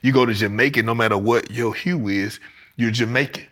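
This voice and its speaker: Podcast host, African American man, bright and forceful, lively storyteller. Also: a little fast. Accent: African American English. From United States. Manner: animated storyteller, pitch jumps high when acting out stories. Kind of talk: casual interview chat.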